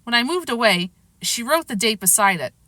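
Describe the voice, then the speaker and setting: A woman reading a children's novel aloud in a lively, expressive way. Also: a little high, moderate pace, dry recording. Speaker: reader. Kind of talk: storybook narration.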